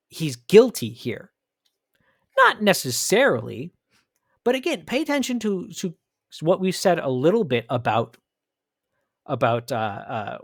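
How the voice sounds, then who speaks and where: A man's voice: on the high side, no room sound, studio quality. An American man hosting a commentary podcast, arguing his points emphatically and thinking aloud with frequent restarts. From United States. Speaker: podcast host.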